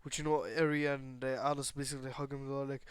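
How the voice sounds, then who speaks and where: A man's voice: medium pitch, flat delivery, quick pace, smooth, dry recording. Rambling man improvising a story. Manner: rambling, heavy with fillers and restarts. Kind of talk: improvised fan-story chat.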